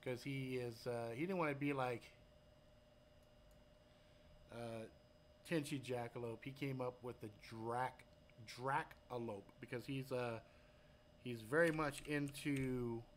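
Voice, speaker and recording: A man from Hawaii hosting a live stream, telling stories and answering chat in loud, profane, animated talk. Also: medium pitch, measured pace, slight background noise. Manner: reads chat aloud and talks to viewers.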